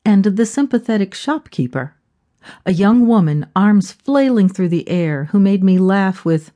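Mellow woman narrating an audiobook. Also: medium pitch, animated, measured pace.

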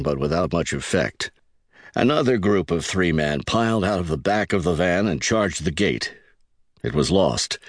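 A man with a very deep voice narrates a thriller audiobook. His pitch moves expressively, and the recording is dry and close. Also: dry recording.

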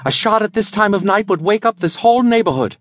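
A dashing young scientist gives brisk, reassuring orders, as a male narrator plays him. The voice sits a little high and moves with lively pitch. The audiobook recording is dry and close. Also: dry recording. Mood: assured.

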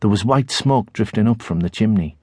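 A middle-aged man with a Tyneside accent narrating a children's novel in the first person, expressive storytelling. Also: on the low side, moderate pace, breathy edge, no room sound, studio quality. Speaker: audiobook narrator.

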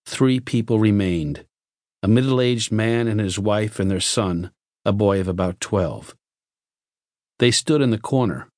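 Low husky guy reading an audiobook, measured and even, dry close sound. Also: no room sound. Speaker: audiobook narrator. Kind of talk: scripted narration.

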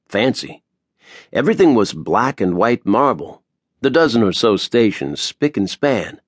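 A male audiobook narrator with a fairly low voice, reading with a wry, playful touch. His delivery swings up and down with plenty of melody, and the recording is close and dry with no room sound. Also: no echo. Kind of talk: scripted narration.

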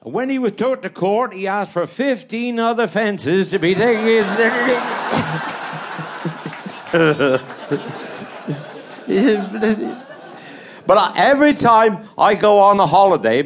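A man with a Cornish accent telling bawdy, rambling stand-up stories and chuckling at his own jokes. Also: high voice. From Cornwall. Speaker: stand-up comedian. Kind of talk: live stand-up storytelling.

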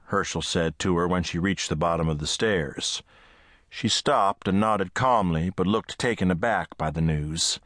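A man narrating an audiobook with steady, measured storytelling, recorded close to the mic in a studio. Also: deep voice, no echo. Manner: steady, measured storytelling that voices each character's lines. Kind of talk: scripted narration.

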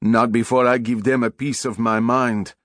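A man's voice: level tone, moderate pace, no echo, studio quality, lightly acted. A man doing a hot-headed young fisherman. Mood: indignant. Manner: shouts indignantly, voice jumps high. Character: young excitable male fisherman nephew. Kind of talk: audiobook character voice.

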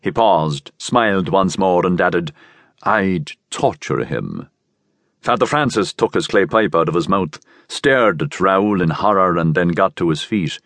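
A man narrating an audiobook novel with expressive storytelling. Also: low voice, moderate pace, few pauses, dry recording.

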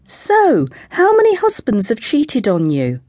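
A woman's voice: on the high side, wildly swooping pitch, mellow, no echo, clean studio sound, pitched above the performer's own voice, heavily acted. A woman voicing an unflappable mum. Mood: chatty. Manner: brisk, soothing counsellor tone, matter-of-fact. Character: chatty middle-aged British mum, unflappable. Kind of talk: audiobook character voice.

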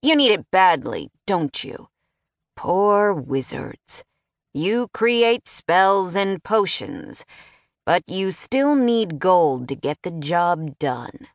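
Haughty royal brother, woman narrator doing him, slow sneering lines, low voice. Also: expressive, dry recording, clean studio sound, exaggerated voice. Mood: mocking. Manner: sneering, impatient. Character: tall sneering man, emperor's brother.

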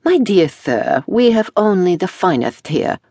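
Fussy showy dressmaker guy for a storybook, high swooping voice, all gushing, as a lady narrator puts him on. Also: very animated, measured pace, dark tone, no echo, clean studio sound. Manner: theatrical, gushing, lilting. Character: fussy, flamboyant middle-aged male dressmaker.

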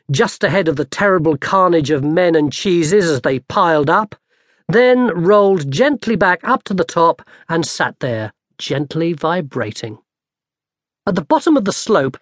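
A man narrating an audiobook in a lively, dry storytelling manner. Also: a little high, no room sound. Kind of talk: scripted narration.

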